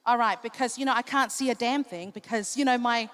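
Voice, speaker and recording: A woman's voice: on the high side, a little fast, a bit bright. A woman in her fifties doing cheeky live comedic banter as the entertainer at a charity dinner in a large hall. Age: 50s. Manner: cheeky, teasing the audience.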